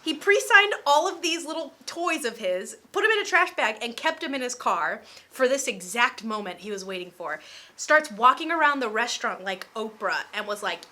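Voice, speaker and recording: A young woman in her twenties telling a storytime vlog in a chatty, animated way, with lots of "like". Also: on the high side, moderate pace. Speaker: vlogger.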